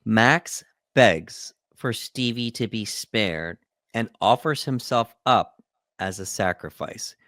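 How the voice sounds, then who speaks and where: A man's voice: on the low side, lively intonation, slow, fairly bright tone, no room sound. A man co-hosting a movie podcast, recapping the plot steadily with dry humor. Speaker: podcast co-host. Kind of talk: reading a plot summary and chatting.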